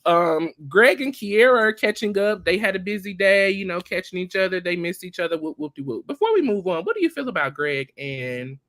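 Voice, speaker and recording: A woman's voice: fairly low pitch, brisk, hardly any pauses, dry recording. Woman, podcast co-host, chatty recap talk, dry close sound. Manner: chatty, animated retelling with filler words. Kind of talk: casual TV recap chat.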